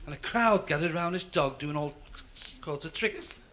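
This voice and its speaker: A man with a Liverpool accent doing stand-up, telling quick gags and putting on stuttering voices for the characters. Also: a little high, a bit bright, slight background noise. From Liverpool, England. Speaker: stand-up comedian. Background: audience laughter.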